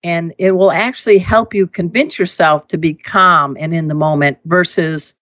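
A woman who teaches pet first aid, telling stories and giving emphatic advice in a casual, animated way. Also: on the low side, moderate pace, no room sound. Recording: dull lo-fi dry audio.

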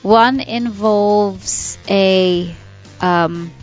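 A woman's voice: medium pitch, soft background music. A woman with a British accent, chatting enthusiastically as a podcast host. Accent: British English. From England. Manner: chatty and enthusiastic, quick bursts of excitement. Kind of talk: casual podcast chat. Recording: slightly dull, dry recording.

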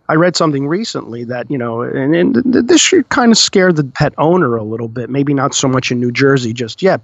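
A man with a mid-range voice, a dog groomer, hosts a podcast and tells a story in a rambling, casual way, saying "you know" a lot. The recording is dry, dull and lo-fi.

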